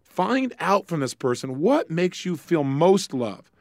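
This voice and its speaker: A man's voice: a little high, slow pace, no echo, clean studio sound. A man giving a motivational lecture on relationships, acting out short dialogues in a raised voice. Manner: lively, acts out little dialogues with raised voice. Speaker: relationship speaker.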